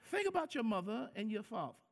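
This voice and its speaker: Pastor, male, high gravelly voice, lively delivery with acted-out quotes. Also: fairly quick. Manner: animated preaching, acting out quoted lines, repeats words for emphasis. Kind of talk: sermon.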